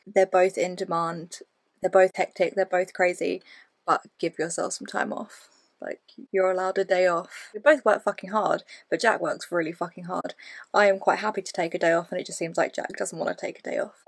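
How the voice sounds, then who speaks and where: A young woman talks through her day in a loose, blunt vlog style and swears offhandedly. Her pitch sits in an ordinary middle range. The sound is dry and close, with no room echo. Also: vocal fry. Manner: chatty, blunt, swears casually. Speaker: vlogger. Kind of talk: casual daily vlog chat.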